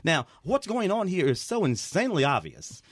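A man's voice: high-pitched, moderate pace, no room sound, studio quality. A man reviewing a film on a radio show, sarcastic and full of fillers. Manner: sarcastic, animated, with many fillers. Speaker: film critic. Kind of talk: casual critical chat. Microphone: studio microphone.

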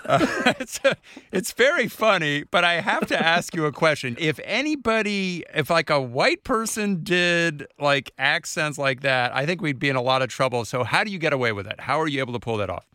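Man, interviewer, bright clear voice, brisk pointed questions, dry sound. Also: fairly high pitch, expressive, dry recording.

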